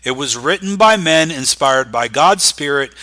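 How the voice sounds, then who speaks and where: A man preaching a sermon, emphatic, swinging from loud, high-pitched stresses to low, quiet lines. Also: lively intonation, moderate pace.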